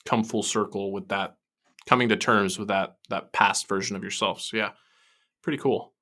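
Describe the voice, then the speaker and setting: A low-pitched man with a bright, forceful tone co-hosts a casual podcast. He talks animatedly and laughs often. His voice sits lower than most, with a crisp edge. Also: steady tone, moderate pace. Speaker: podcast co-host.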